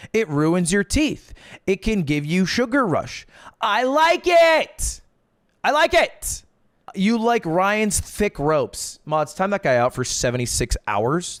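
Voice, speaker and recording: A man giving casual, joking streaming commentary while ranking products, animated and often profane. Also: sits high, no echo, clean studio sound.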